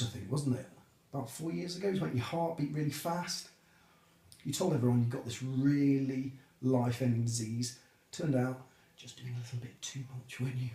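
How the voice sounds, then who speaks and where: A man leaving a mock-sincere comic video message for a coworker, teasing him in a deadpan voice with drawn-out pauses. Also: mid-range voice, creaky. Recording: roomy echo.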